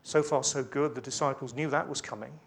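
A man's voice: mid-range voice, fairly even intonation, brisk, gravelly. A man preaching a sermon, reading scripture aloud with emphasis between conversational asides with light humour.

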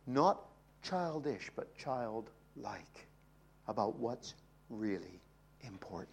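An older man preaching a sermon, moving from soft, quiet asides to loud, emphatic peaks. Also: fairly high pitch. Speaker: pastor.

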